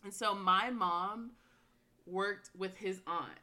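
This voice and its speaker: A young woman telling a story in casual chat, animated and laughing, with lots of "like" fillers. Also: medium pitch, takes it slowly.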